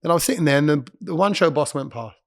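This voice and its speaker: A man, a radio presenter, chatting as a podcast guest and telling stories quickly, often breaking off to correct himself. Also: fairly high pitch, creaky. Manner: quick, chatty storyteller who interrupts himself. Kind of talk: casual interview chat.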